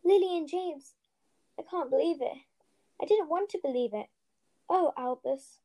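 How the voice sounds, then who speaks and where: A woman's voice: high voice, moderate pace, warm tone. A woman reading a storybook aloud, voicing a distraught, stern elderly female witch professor with urgent, emphatic delivery. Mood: upset. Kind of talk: storybook reading with character voices.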